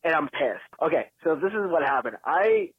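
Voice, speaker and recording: A man's voice: on the high side, big pitch swings, normal speed, breathy edge, no echo. Frustrated man ranting over phone line. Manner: frustrated, rambling, many likes and restarts. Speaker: caller leaving a voicemail. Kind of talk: ranting voicemail story. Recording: tinny phone line voicemail.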